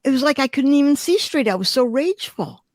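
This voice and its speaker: A glass artist from Detroit, an older woman, gives a storytelling interview full of vivid, emotional, expressive tales. Her high voice moves briskly over a dry recording.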